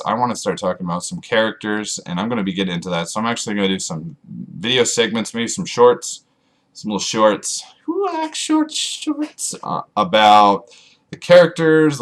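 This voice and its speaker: Deep-voiced man rambling to camera. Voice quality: monotone. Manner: self-mocking, rambling, jokey asides. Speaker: author vlogger. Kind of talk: rambling casual vlog to camera.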